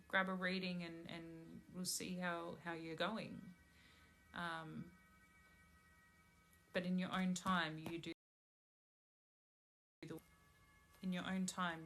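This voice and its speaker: A pregnant woman giving a live-stream tarot reading, speaking in a slow, soothing, spiritual way. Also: lowish voice, flat delivery, creaky, a bit bright, a little hiss or hum. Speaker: tarot reader.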